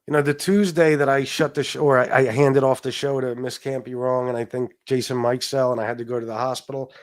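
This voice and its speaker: A political talk show host with a steady, medium-pitched voice talks fairly quickly on a casual live stream of his own show. He speaks emotionally and profanely, rambling with restarts, asides and the occasional swear word.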